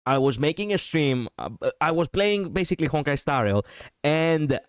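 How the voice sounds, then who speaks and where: Streamer guy, rambly and jokey reaction chat, crisp voice, fairly high for a man. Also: lively intonation, no echo, studio quality. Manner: joking, rambling, quick reactions.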